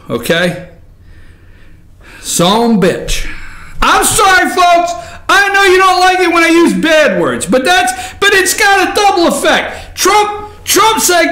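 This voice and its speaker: A man's voice: very high-pitched, takes it slowly, echoey room. A man hosting a morning talk show, rambling and joking, often raising his voice. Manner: rambling, animated, jokey, often shouting. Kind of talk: casual talk show monologue.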